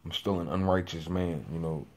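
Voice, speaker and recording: A young man in his twenties with a lowish voice gives a personal testimony to camera. He wanders through his story, circling back and restarting, full of casual fillers. He calls himself a loud talker who keeps trying to rein it in. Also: steady tone, normal speed. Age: 20s. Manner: rambling, with many fillers and restarts; says he is a loud talker working on voice control. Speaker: vlogger.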